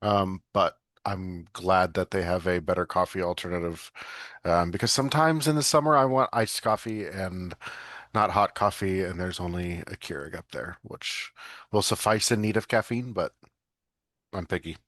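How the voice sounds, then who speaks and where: Very deep-voiced tired podcast co-host. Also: male voice, moderate pace, a bit bright, no room sound, studio quality. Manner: chatty, easygoing, yawning. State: tired, yawning. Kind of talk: casual sports chat.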